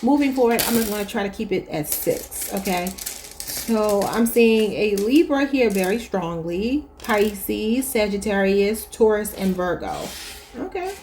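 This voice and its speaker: A woman's voice: medium pitch, animated, a little slow, a little mellow, a little hiss or hum. A woman with a Baltimore accent, giving a casual, chatty tarot reading and talking straight to her viewers. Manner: chatty, addresses viewers as y'all. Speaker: tarot reader.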